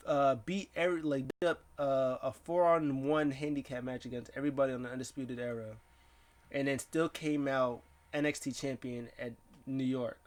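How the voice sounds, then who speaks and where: A man giving a casual, rambling rundown of wrestling matches, excitable and quick to put on voices for the people he quotes. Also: mid-range voice. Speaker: wrestling recap vlogger.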